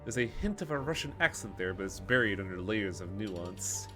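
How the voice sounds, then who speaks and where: A man reads game narration aloud on a live stream, adding crude asides between passages. His voice is low, with faint game music in the background. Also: expressive, moderate pace. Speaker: streamer playing a story game.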